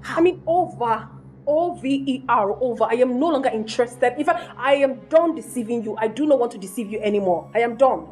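A woman's voice: a little high, fast talker, few pauses, darkish tone, soft background music, natural voice. A Nigerian actress playing a haughty young woman who coldly lectures and dismisses her boyfriend. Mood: firm. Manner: cold, scornful, lecturing. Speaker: actor. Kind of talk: film acting.

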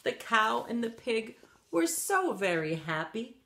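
Woman, children's storyteller, very slow, lively swooping pitch, asks kids questions. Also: slight background noise. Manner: animated, asks young listeners questions. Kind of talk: reading a picture book aloud to children.

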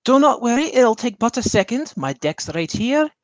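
A man's voice: extremely high pitch, big pitch swings, normal speed, dry recording, pitched above the performer's own voice. A man playing a showy traveling fortune teller. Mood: theatrical. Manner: grandiose, showy salesman patter. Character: smooth theatrical male traveling fortune teller. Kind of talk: tabletop game role-play.

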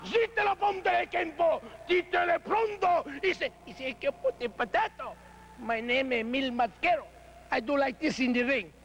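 A man doing a squeaky mock wrestler. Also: normal speed, noisy background. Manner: mocking, broken English, gibberish Spanish. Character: boastful male wrestler in broken English.

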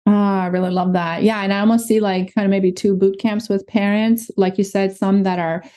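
A woman hosts a casual interview and warmly picks up her guest's points. Her voice sits at a middle pitch with a dark, mellow color. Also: flat delivery, normal speed. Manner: affirming, building on the guest's points.

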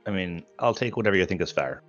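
A man doing a deep-voiced dwarf with a mock Scottish accent. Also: expressive, quick pace, a bit bright, lo-fi sound, faint music behind. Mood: polite, dry. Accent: put-on Scottish-style. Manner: old-fashioned speech with aye and mayhap.

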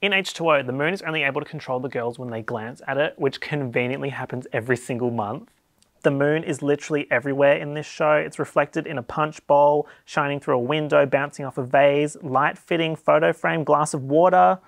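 A man's voice: a little high, steady tone, fairly quick, creaky, dry recording. An Australian man hosting a comedic explainer video, talking in a playful, wry and sarcastic way. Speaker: YouTube host.

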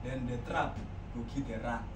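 Man as an advising friend, Nigerian accent, repeats himself, bright-ish lively pitch, echoey far-mic sound, loud background noise. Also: moderate pace, natural voice. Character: patient friend giving advice. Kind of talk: comedy skit acting.

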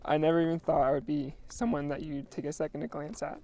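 Young guy reading wedding vows, teary and nervous-laughing, warm low-key voice. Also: expressive, quick pace, creaky. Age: young adult. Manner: emotional, laughing nervously between lines. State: tearful. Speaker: groom.

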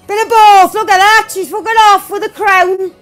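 Brief: woman streamer, very high and bright voice, slow delivery, loud and foul-mouthed, faint music underneath. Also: steady tone. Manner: loud, swearing, shouting at opponents. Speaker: gaming streamer. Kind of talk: excited gameplay commentary.

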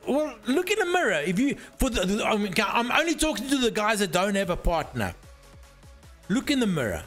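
A man talks to his stream in a high, bouncy voice that swoops up and down. He teases and swears as he tinkers with gear. Soft music plays quietly behind him. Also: very animated, normal speed. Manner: loose, swearing, teasing chatter while tinkering with hardware. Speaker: live streamer. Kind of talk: casual live-stream chat.

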